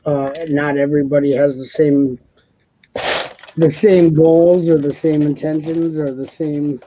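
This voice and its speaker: Chatty male co-host, a bit high, loose and repetitive, muffled stream audio. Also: warm tone, slight background noise. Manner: rambling, repeats words, laughs often. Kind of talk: casual panel chat.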